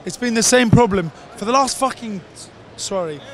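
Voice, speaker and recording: An angry rugby fan swears and shouts through a street interview outside a stadium. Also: male voice, high voice, expressive, moderate pace. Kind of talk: vox pop rant.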